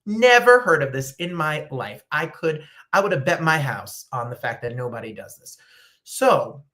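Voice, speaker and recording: A woman's voice: sits low, moderate pace. A woman from New Jersey hosting a casual chat, telling rambling stories and reading viewer comments while eating. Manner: animated, chatty, rambling storytelling.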